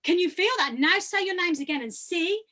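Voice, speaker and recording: A woman with a high, bright-sitting voice leads vocal warm-ups over a video call. She encourages her students and demonstrates each sound herself. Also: a little fast. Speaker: voice workshop leader. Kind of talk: leading vocal exercises.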